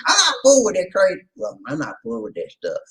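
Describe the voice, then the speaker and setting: A man's voice: fairly high pitch, huge pitch swings, quick pace, fairly bright tone, poor audio. A middle-aged man from South Carolina with a Southern accent, hosting a casual livestream and greeting viewers with playful laughter. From Charleston, South Carolina. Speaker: livestream host.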